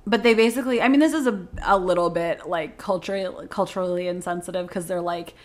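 A woman's voice: lowish voice, quick pace. A young woman co-hosting a podcast, chatting casually and repeating words for comic emphasis. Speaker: podcast co-host. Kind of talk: casual chat.

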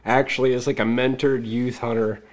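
A man's voice: mid-range voice, flat delivery, moderate pace, slight background noise. A man as a podcast guest, casually telling stories in an easygoing, anecdotal way. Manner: easygoing, anecdotal, laughs at his own stories. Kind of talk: casual storytelling.

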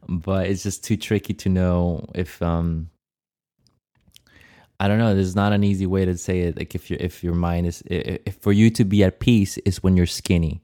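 Deep-voiced thoughtful man. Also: steady tone, dark tone. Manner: thoughtful, hesitant, measured. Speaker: podcast co-host. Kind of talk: casual chat.

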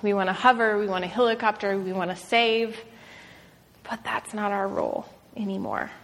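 A woman in her thirties shares a faith talk with a room of other mothers. She speaks in an earnest, casual way, full of "like" and "um", at a middle pitch. Her voice rings with the long reverb of a large hall. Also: steady tone, moderate pace, fairly bright tone. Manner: earnest, conversational, frequent "like" and "um". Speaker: speaker at a women's gathering. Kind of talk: devotional talk.

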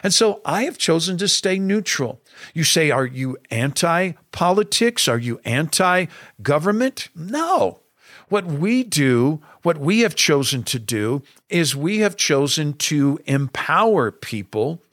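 Earnest preaching pastor, dry close sound. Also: male voice, a little high, sing-song, slow pace, fairly bright tone, dry recording. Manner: earnest and emphatic, preacher cadence. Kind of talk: podcast talk to fellow pastors.

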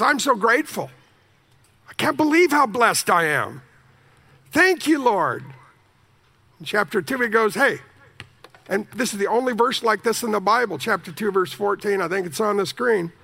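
A male preacher with a high, gravelly voice and a bright, sharp edge to his tone. He preaches with animated energy and jokes with the congregation. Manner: animated, jokey, sings snippets of hymns. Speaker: pastor. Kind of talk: sermon.

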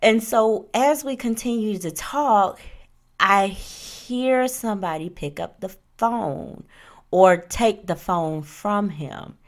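A young adult woman hosting a casual podcast who tells lively stories and acts out the quotes. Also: mid-range voice, slow pace. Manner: animated, acts out quotes, talks with "like" and "right?". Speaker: podcast host. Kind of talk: casual storytelling chat.

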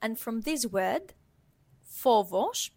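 Woman co-host, unhurried, careful delivery; patient teacher voice for a language podcast. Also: fairly high pitch, very animated, darkish tone. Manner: explains patiently, says the Greek words slowly and repeats them. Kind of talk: casual language lesson.

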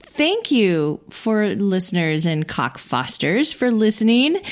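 A woman's voice: fairly low pitch, big pitch swings, moderate pace. A middle-aged woman from Indiana hosting a podcast, making casual, friendly, self-deprecating announcements. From Indiana, USA. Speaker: podcast host.

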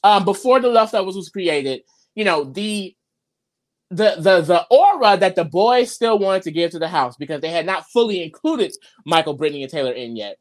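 A woman's voice: lowish voice, moderate pace. A woman co-hosting a casual recap chat, telling the story with gossip, swearing and acted-out quotes. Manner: animated storytelling, acts out quotes; profane, gossipy. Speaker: podcast co-host.

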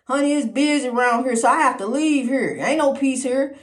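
Folksy preachy woman, high and roomy. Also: brisk. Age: middle-aged. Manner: folksy, preachy, calls listener honey. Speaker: podcast host. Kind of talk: casual spiritual talk. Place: indoors at a lighthouse, roomy. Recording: roomy echo.

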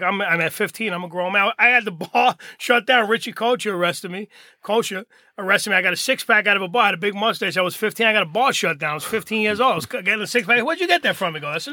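Man, middle-aged, high bright voice, animated storyteller, swears, podcast guest. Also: no room sound, clean studio sound. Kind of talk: storytelling in casual chat.

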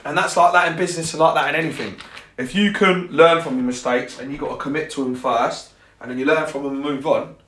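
A young coach focused on fitness and confidence talks on a podcast in a mid-range, somewhat bright voice, with a little hiss or hum in the echoey recording. He's casual and blunt, swearing and joking about his own lines.

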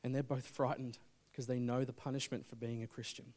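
Aussie pastor guy preaching, gets loud then drops real quiet, telling a story. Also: mid-range voice, flat delivery, fairly quick. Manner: storytelling preacher, swings from loud urgency to hushed intensity. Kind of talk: sermon.

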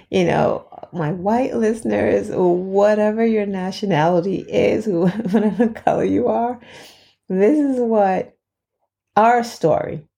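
A woman hosting a podcast tells a story in a relaxed, chatty monologue. Her voice sits at a middle pitch with a warm, mellow tone. She laughs between phrases and leans on dramatic pauses. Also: vocal fry. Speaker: podcast host.

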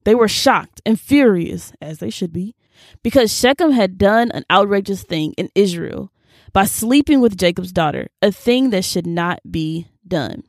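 A young woman hosting a casual Bible reading, expressive and slangy, reacting aloud as she reads. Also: medium pitch, a little slow, no room sound, clean studio sound. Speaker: video host.

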